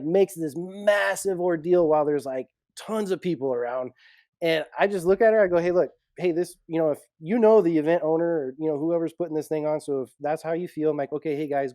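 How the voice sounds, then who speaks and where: Male security pro, casual storyteller, mellow voice, dry sound. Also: a little high, dry recording. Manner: animated storyteller, laughs often. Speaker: executive protection guest.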